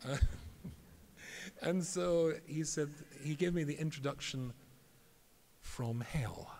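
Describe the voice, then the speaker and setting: Wry rabbi telling stories. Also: male voice, fairly high pitch, slow pace, pauses often, a little mellow. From England. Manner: wry, self-mocking, tells jokes and does voices. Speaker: rabbi, lecturer. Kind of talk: humorous storytelling lecture. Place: convention hall. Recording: reverberant hall, faint background noise.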